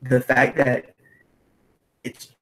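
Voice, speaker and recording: A man's voice: mid-range voice, monotone, extremely slow, rough recording. A man, a player in the game, chatting casually and agreeing in short bursts. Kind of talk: casual podcast chat.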